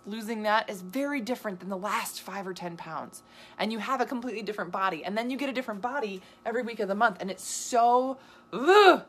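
Animated chatty woman coach. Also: medium pitch. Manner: animated, gesturing a lot while talking; chatty with frequent asides and laughs. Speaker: nutrition coach. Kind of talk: live video answering viewer questions.

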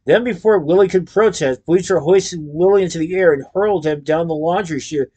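Guy reading a storybook out loud, lively, bit higher voice. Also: fairly quick. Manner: lively, expressive. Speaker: narrator.

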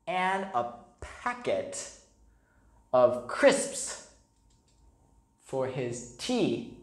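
A woman, an English teacher, reading a picture book aloud to young children, slow and animated, explaining words and adding sound effects. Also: extremely low pitch, roomy sound.

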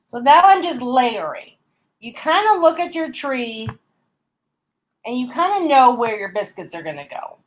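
A woman's voice: sits high, sing-song, unhurried, low-quality recording. A woman hosting a casual craft livestream, bubbly and laughing often as she explains each step. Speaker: craft show host.

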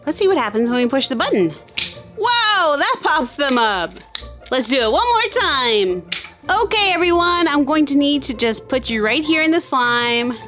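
A woman hosting a children's toy show, narrating in a slow, sing-song, encouraging way. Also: high-pitched, very animated, a bit bright. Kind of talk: scripted kids' narration. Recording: kids' music underneath.

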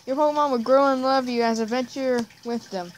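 A woman's voice: sits high, fairly even intonation, fairly quick, a little hiss or hum, close to an everyday voice, low-quality recording. A woman reading out a game's friendly male professor, in a plain voice close to her own. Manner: reading game dialogue aloud in a plain voice. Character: friendly male Pokemon professor, welcoming and eager.

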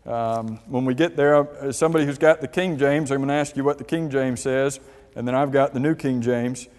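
A man's voice: mid-range voice, fairly even intonation, fairly quick, a little mellow. A man teaching a church Bible class, asking the class questions and reading scripture aloud. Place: church hall. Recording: long hall reverb.

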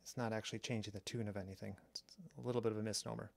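A man calmly explaining a drum machine's sounds step by step, pausing between phrases as he demonstrates. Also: on the low side, gravelly, no room sound. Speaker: synth reviewer. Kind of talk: technical demo narration. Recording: strong mains hum on the mic.

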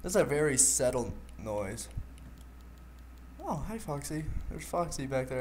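A man's voice: medium pitch, big pitch swings, unhurried, pauses often, darkish tone, a little hiss or hum. A man playing a horror game, joking and nervously talking to the monsters on screen, with a desk microphone. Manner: jumpy and jokey, talking to the animatronics. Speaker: gaming YouTuber. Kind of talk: horror game let's play commentary.

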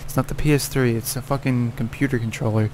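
Speaking fast with fairly even intonation in a mid-range voice, this man narrates his gameplay casually while swearing at and scolding his character in exasperation. Slight background noise is present in this let's play recording.

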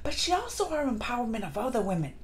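Woman, vlogger, slightly high pitch, gushing, excitable, casual chat. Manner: gushing, excitable, lots of fillers and restarts; acts out lines in quick put-on voices. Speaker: movie reaction vlogger.

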